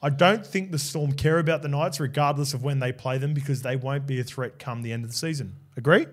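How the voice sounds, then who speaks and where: A man's voice: mid-range voice, brisk. An Australian man co-hosting a casual podcast chat, easygoing and prompting his co-host, with hesitant restarts.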